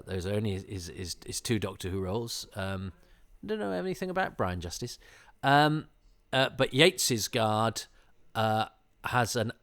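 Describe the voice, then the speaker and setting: A man's voice: medium pitch, fairly bright tone, no echo, clean studio sound. A man hosting a casual commentary while watching an episode, rambling and hesitant, with many fillers, restarts and wry chuckling asides. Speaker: podcast host.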